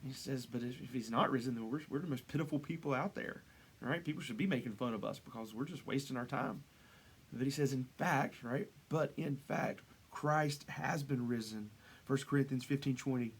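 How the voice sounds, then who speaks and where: A man's voice: medium pitch, moderate pace, slightly rough. A man preaching a casual devotional sermon in a conversational way, with frequent restarts and asides, voice lifting for rhetorical questions. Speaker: pastor.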